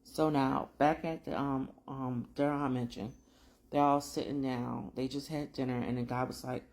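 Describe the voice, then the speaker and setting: Gravelly-voiced woman recapping casually. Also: very deep voice, fairly even intonation, normal speed, a little mellow. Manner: chatty, slangy storytelling with asides. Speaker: drama recap vlogger.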